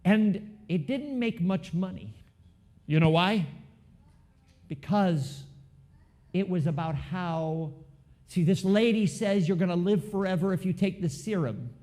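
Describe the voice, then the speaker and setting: A man preaching a sermon in a church, talking with the congregation, asking them questions and moving between loud emphasis and hushed asides. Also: high voice, measured pace, long pauses. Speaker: pastor.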